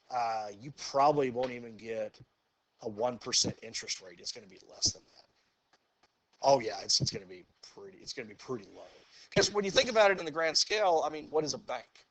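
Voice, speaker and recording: A man teaching a math class, talking the students through a problem in a relaxed way. He says "okay" and "go ahead" again and again and puts questions to the class. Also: mid-range voice, fast. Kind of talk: classroom lecture.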